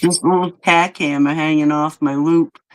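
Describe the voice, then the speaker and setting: A man in casual chat, telling a work story in an unhurried, laid-back way. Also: fairly high pitch, fairly even intonation, low-quality recording.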